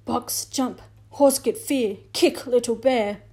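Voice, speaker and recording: A woman puts on a small, proud male warrior from a storybook. He talks in slow, terse, broken phrases, steady and calm even when hurt, in a soft, mellow tone. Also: fairly high pitch, slightly rough, full character voice. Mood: matter-of-fact. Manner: clipped broken speech, slow and firm.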